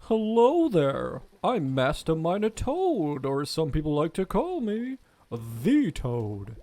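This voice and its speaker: Man doing a cheery toad miner, bouncy pitch, slow sing-song, game voice. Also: huge pitch swings, darkish tone, no room sound, full character voice. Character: jolly toad mine master, male.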